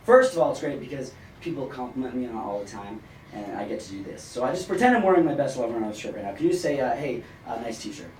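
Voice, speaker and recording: A middle-aged man doing a stand-up comedy set in a club, with a dry, rambling deadpan delivery and many pauses. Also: mid-range voice. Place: comedy club stage with live audience. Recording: roomy club sound from a distant mic, noisy. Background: audience laughter.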